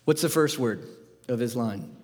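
A man preaching a sermon, firing rhetorical questions at the congregation in an animated, emphatic way. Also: mid-range voice, unhurried, long reverb tail. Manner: asks the audience many questions, animated and emphatic. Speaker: pastor.

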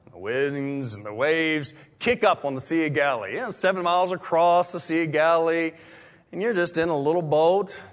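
A man preaching a sermon in a conversational way, full of restarts, swinging from loud exclamations to hushed whispers. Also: fairly high pitch, normal speed. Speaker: pastor.

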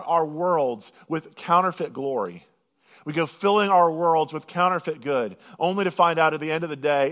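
A man preaching a sermon, swinging from loud, drawn-out proclamation to hushed intensity and slowing right down on scripture lines. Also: high-pitched. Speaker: pastor.

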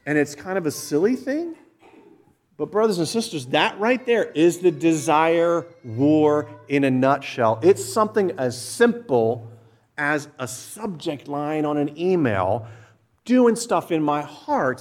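Lively middle-aged man preaching. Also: a little high, a little slow. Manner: conversational storytelling with restarts. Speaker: pastor. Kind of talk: sermon.

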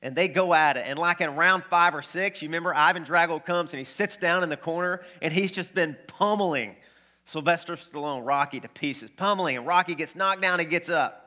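A man preaching a sermon as pastor, energetic and conversational, often putting questions to the congregation. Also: a little high, brisk.

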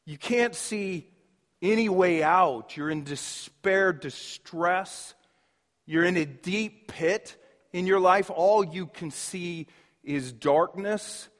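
A man's voice: sits high, slow pace, fairly bright tone. A man preaching a sermon, earnest and emphatic, repeating key words. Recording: long reverb of a large hall.

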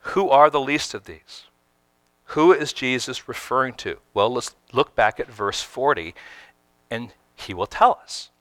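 A man's voice: mid-range voice, measured pace, fairly bright tone, dry recording. A man preaching a sermon, emphatic and direct, often asking his listeners questions and sometimes repeating words as he restarts. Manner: emphatic, asks the congregation questions. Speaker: pastor.

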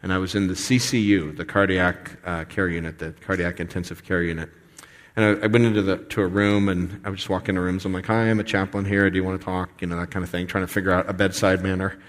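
A man in his forties delivers a sermon in a loose, conversational way, slipping into other voices as he tells stories. His voice sits a little low. The sound carries a long reverb from a church hall. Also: quick pace. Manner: conversational, animated, acts out voices. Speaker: pastor.

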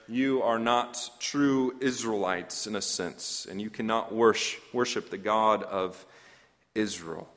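A man's voice: fairly low pitch, fairly bright tone, in a large hall. A man preaching an expository sermon, earnest and emphatic, often asking questions of his listeners.

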